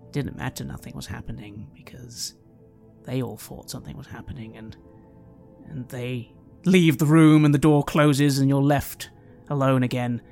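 A man narrating a tabletop role-playing game as game master, in a halting, hesitant way. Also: medium pitch, fairly even intonation, vocal fry, a little mellow, soft background music.

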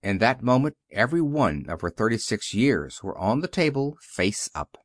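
A man narrating a novel in an expressive, flowing storytelling manner. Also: mid-range voice, moderate pace, no room sound, clean studio sound. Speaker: audiobook reader. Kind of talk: scripted narration.

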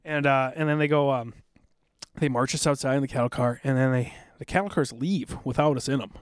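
A middle-aged man telling rambling, animated army stories in a casual podcast chat, now and then acting out drill sergeants. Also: mid-range voice, brisk, smooth, no echo, studio quality. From South Dakota, USA. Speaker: podcast guest, military veteran.

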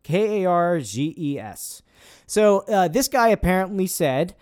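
A man's voice: sits high, animated, a little slow, darkish tone, clean tone. A young man hosting a casual podcast, sarcastic and rambling, swearing freely as he debunks quotes. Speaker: podcast host.

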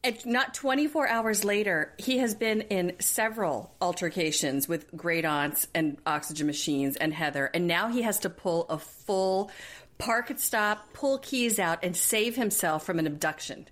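A woman's voice: lowish voice, expressive, a little slow, a bit bright. A woman co-hosting a podcast, joking and reacting emphatically in casual chat. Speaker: podcast co-host.

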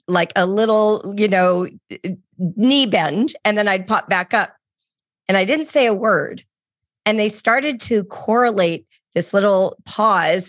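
A middle-aged woman co-hosting a podcast, explaining teaching tricks in a lively, example-filled way. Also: mid-range voice, dry recording, clean studio sound. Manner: animated explainer, acts out examples. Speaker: podcast co-host. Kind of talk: casual teaching chat.

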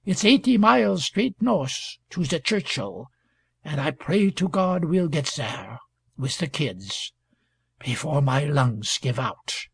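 A tired, ailing old backwoods father, voiced by a male narrator in a storybook. His voice is gravelly and husky and his words are plain and weary. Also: lively intonation, slow, no echo, full character voice. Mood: grim. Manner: low, weary and plain-spoken.

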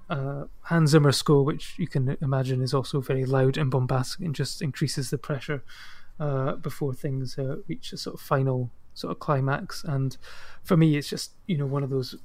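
A Scottish man co-hosting a podcast chats casually about films, rambling loosely with plenty of fillers. His voice is mid-range and a little mellow.

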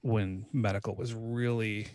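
A man's voice: lowish voice, flat delivery, a little slow, a little mellow. A man co-hosting a casual podcast chat, talking in a rambling way with many fillers and restarts. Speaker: podcast co-host.

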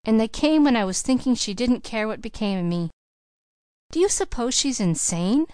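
A woman's voice: on the high side, expressive, normal speed, darkish tone, clear, resonant tone, no echo, lightly acted. A woman reading the part of an emotional young woman about to graduate, speaking in an earnest, heartfelt way. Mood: earnest wonder.

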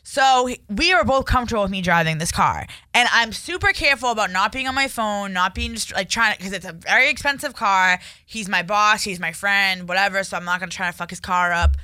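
A woman's voice: medium pitch, brisk, hardly any pauses, pushed and bright, no echo, clean studio sound. A young woman telling a story in casual chat, rambling and full of fillers.

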